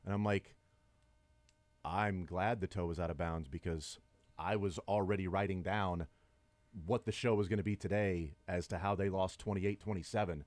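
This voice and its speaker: A man's voice: low voice, fairly even intonation, normal speed, darkish tone, no echo. A middle-aged man hosting sports talk radio, chatting and arguing his points at length. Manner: conversational, argumentative, builds long points.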